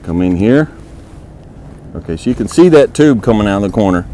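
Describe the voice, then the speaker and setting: A man who trains horses, giving a plain-spoken, folksy lesson outdoors in a horse yard and talking softly to the horse as he works. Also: on the low side, expressive, a little fast, pauses often, a little hiss or hum, rough recording. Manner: coaxes the horse softly while working. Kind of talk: hands-on instructional video.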